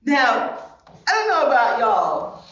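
A woman's voice: high voice, very animated, slow, fairly bright tone, highs cut off. A woman pastor preaching a sermon, emphatic and full of rhetorical questions, recorded from a distance in a large church hall.

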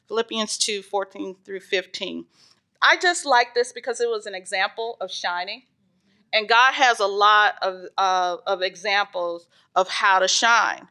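Bright-voiced woman teaching a Bible class. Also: medium pitch, unhurried. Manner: earnest, with frequent "um" fillers; reads scripture aloud, then explains it. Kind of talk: informal church Bible lesson.

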